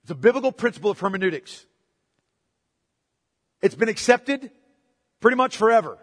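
A man's voice: high voice, animated, normal speed, fairly bright tone. A male pastor preaching a sermon with emphatic rhetorical questions and repetition. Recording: long hall reverb.

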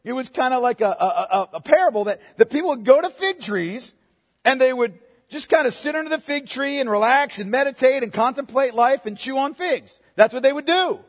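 A man's voice: very high-pitched, lively intonation, a little fast. A male pastor preaching a sermon in a church, with a conversational manner and frequent "okay?" check-ins to the congregation. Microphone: microphone. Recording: long hall reverb.

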